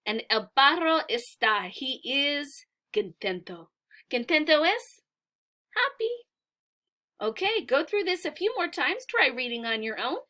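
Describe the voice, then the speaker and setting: A woman teaching Spanish to beginners, reading a short story aloud and explaining it word by word, slowly and patiently. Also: high-pitched, very animated, bright, forceful tone.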